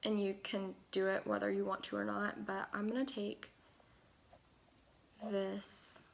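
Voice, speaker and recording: A woman's voice: mid-range voice, completely flat delivery, measured pace, gravelly, a little hiss or hum. A young woman talking through a makeup tutorial at home in a chatty, rambling way, full of fillers and asides. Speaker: beauty vlogger.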